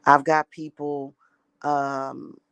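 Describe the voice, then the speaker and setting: With a very deep, clear, resonant voice held at a level tone, this spiritual practitioner speaks extremely slowly in a casual vlog. She rambles and circles back with emphatic restarts, and the recording is dry.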